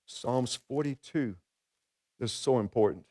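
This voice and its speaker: A man's voice: medium pitch, a little slow, warm tone. A man, a pastor, preaching a sermon, repeating key phrases and asking the congregation questions.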